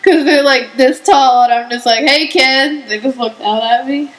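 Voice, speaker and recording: A teenage girl co-hosting a podcast, telling stories in a lively way, saying "like" a lot and acting out what people said. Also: on the high side, normal speed, low-quality recording. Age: teens. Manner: lively storyteller, acts out quotes, says "like" a lot. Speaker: podcast co-host. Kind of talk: casual chat.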